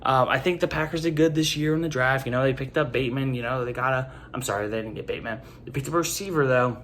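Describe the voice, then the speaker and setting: A young man hosts a casual sports opinion segment, rambling and animated, with "like" in almost every sentence. His voice sits at an ordinary middle pitch. A faint hiss of noise runs under the recording. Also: quick pace. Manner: rambling, animated, heavy use of "like". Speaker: sports commentary host.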